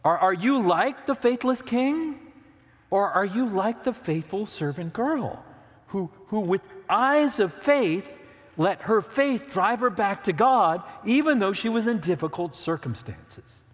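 A man's voice: high voice, expressive, a little slow, in a large hall. A man preaching a sermon, earnest and direct, asking the listeners questions and reading scripture aloud. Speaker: pastor.

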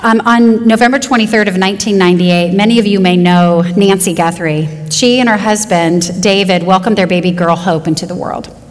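A woman preaching a sermon to women, earnest, slowing down to stress key phrases. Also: medium pitch, long reverb tail. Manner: earnest, varied pace with slow emphatic phrases. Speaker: women's Bible teacher.

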